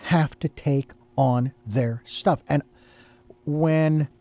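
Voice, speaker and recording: This is a male host who talks in a measured, reflective way and often pauses to hesitate between thoughts. His voice is somewhat high for a man, with a mellow, warm tone, and it sounds dry and close. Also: dry recording. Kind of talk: interview conversation.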